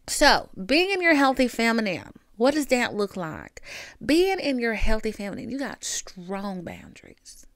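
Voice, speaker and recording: A woman with a Southern country accent, hosting a podcast and giving candid advice in an animated, sassy way with lots of emphatic repetition. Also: fairly high pitch, a little slow, dry recording. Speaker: podcast host.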